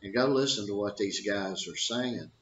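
A man's voice: on the low side, normal speed, fairly bright tone, slight background noise. An older man, a boxing trainer, giving rambling, folksy advice full of fillers and restarts. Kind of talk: casual advice talk. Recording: dull roomy recording.

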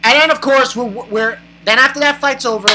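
An excitable reviewer rambles through a manga chapter in a bright, cutting voice. They exclaim and laugh as they go, with a faint hiss in the background. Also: high-pitched, a little fast, poor audio.

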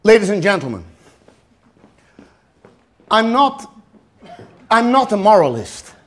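Very high-voiced comedian. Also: male voice, sing-song, slow. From Netherlands. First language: Dutch. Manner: mock-earnest, stammering repetitions, chuckling. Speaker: stand-up comedian. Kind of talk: live stand-up comedy. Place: theater stage.

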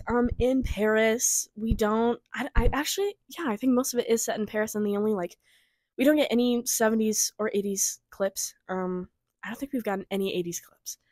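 A young woman casually chatting through a trailer review, rambling, giggling and trailing off into soft mumbles. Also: on the high side, no room sound.

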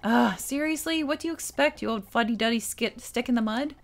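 A woman's voice: a little high, fairly quick, soft background music, close to an everyday voice. A woman voicing a sulky, rebellious teenage girl who answers with bratty, exasperated retorts, reading video game dialogue.

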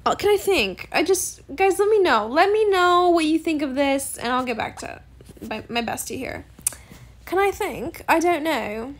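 A woman's voice: sits high, lively intonation, moderate pace. A young woman hosting a gaming video, chatting casually and hesitantly with lots of fillers. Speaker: gaming channel host. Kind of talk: casual gameplay chat.

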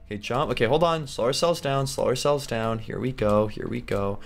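A young man hosting a gaming channel, excitably commenting as he plays, yelping and laughing at close calls. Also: mid-range voice, normal speed. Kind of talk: playing a game with commentary.

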